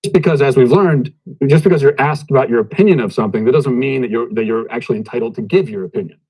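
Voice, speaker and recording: A man's voice: mid-range voice, fast, a little mellow, breathy edge, rough recording. A man co-hosting a podcast, explaining a point in a casual way and setting up clips. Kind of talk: casual discussion.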